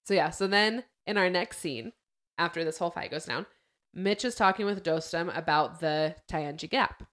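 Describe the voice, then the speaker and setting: A young woman chats casually as a podcast host, with a fairly low voice. She retells events in a loose, lively way and acts out what people said. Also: moderate pace. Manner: chatty storyteller, acts out quotes.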